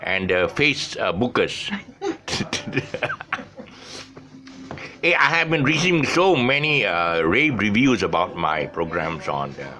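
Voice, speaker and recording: Here the older host of an online show talks slowly and pauses often in a lowish, very animated voice, with a crowd audible behind him. He speaks casually to camera, restarting and correcting himself and chuckling at his slips. The recording carries faint background noise.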